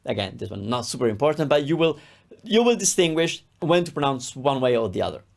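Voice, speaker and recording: A man with an Italian accent, a native Italian speaker, teaching a pronunciation lesson and slowly drilling syllables with repeated examples. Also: medium pitch, sing-song, vocal fry. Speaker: language teacher.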